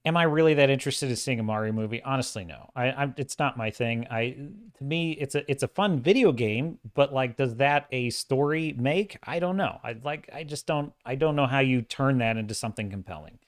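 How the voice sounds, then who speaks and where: A man hosting a livestream, giving opinionated, animated commentary and acting out quoted dialogue. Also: medium pitch, brisk, few pauses, no room sound, clean studio sound. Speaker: livestream host.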